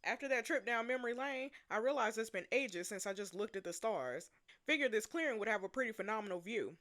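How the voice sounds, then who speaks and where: A woman reading the lines of a brooding bad-boy young man in a story game, quiet, wry and reflective. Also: fairly high pitch, lively intonation, brisk. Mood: low-key.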